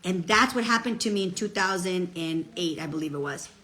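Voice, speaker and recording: Bright-voiced woman giving a pep talk. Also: lowish voice, fairly quick. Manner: chatty, emphatic, peppers speech with "okay?" and "guess what"; switches into Spanish phrases mid-sentence. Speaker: motivational speaker. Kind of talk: casual motivational talk.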